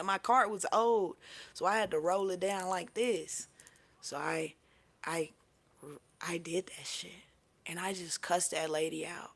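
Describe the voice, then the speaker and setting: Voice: mid-range voice, fairly bright tone. A tarot reader telling a personal story in a casual, chatty way, swearing freely, laughing often and leaning on fillers. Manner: chatty, profane, filler-heavy.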